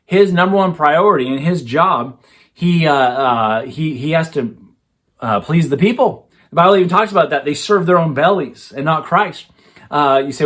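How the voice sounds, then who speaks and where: A man's voice: fairly high pitch, expressive, moderate pace, a bit bright. A man, a pastor preaching a sermon in a conversational way, often restarting phrases and using fillers.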